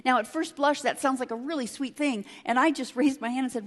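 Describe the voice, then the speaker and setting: A woman with a high-sitting voice speaks as a leadership consultant at a conference, telling a story with emphasis, conversational ease, and quick asides to listeners. A large hall's long reverb fills the recording.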